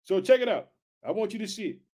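Fired-up high-voiced man teaching scripture. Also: lively intonation, quick pace, warm tone. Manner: fervent, keeps asking "did you hear?" and "check it out"; addresses listeners as family. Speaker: Bible teacher. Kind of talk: animated Bible teaching.

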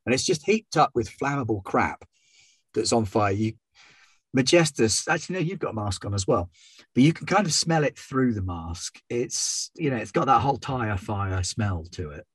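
A man running a tabletop game, describing the scene in a wry, relaxed way. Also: mid-range voice, moderate pace, slightly rough, no echo. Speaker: game master.

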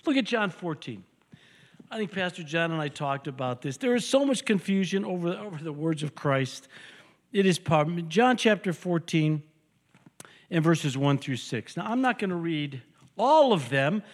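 An older man preaching a sermon as pastor, an animated storyteller who jokes and hammers points home with repetition. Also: a little high, moderate pace. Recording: long hall reverb.

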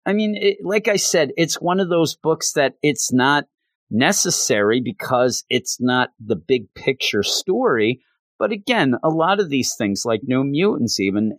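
A man's voice: medium pitch, no room sound. A man reviewing comics in casual, rambling talk, full of fillers. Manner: rambling, many fillers like "you know".

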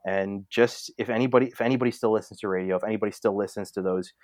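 A man's voice: on the low side, fairly even intonation, rapid-fire, a little mellow, dry recording, clean studio sound. A man co-hosting a casual sports podcast, rambling with lots of fillers and restarts. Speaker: podcast co-host.

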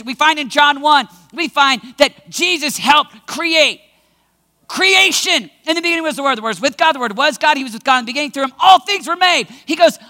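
High bright-voiced man preaching. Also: long reverb tail. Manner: dramatic, acts out scenes, bursts into shouts. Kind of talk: sermon.

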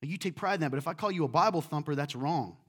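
A man preaching a sermon in a church, animated and acting out quotes in different voices. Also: fairly high pitch, quick pace. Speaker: pastor.

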